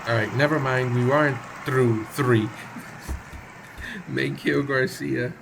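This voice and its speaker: A man with a gravelly voice calls baseball play-by-play in a casual, chatty way, with asides and self-corrections. A steady noise hiss sits behind him. His pitch is middle of the range. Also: slow pace. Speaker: play-by-play commentator. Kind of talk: solo play-by-play of a simulated baseball game.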